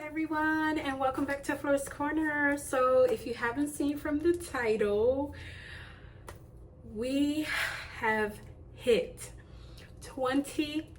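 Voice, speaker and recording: A woman vlogger talks straight to the camera in a casual, gushing way, piling up thanks and repeating herself. Her voice sits a little on the high side. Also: steady tone, slow pace, pauses often, soft background music. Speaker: YouTube channel host. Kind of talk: casual vlog chat to camera.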